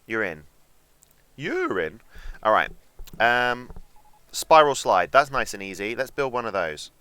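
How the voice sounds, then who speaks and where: A man's voice: fairly low pitch, wildly swooping pitch, a little slow, bright, forceful tone, smooth, no room sound. A young man chatting and joking as he streams a game, reading out chat and swearing now and then. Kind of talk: casual gameplay commentary.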